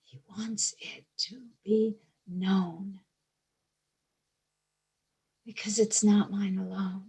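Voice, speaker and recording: Slow, whispery woman with a Georgia accent. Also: mid-range voice, steady tone, vocal fry, husky, poor audio. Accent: Georgia (US South). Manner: soft, drifting often into hushed whispers; long pauses between short phrases. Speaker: spiritual teacher. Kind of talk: slow reflective spiritual talk.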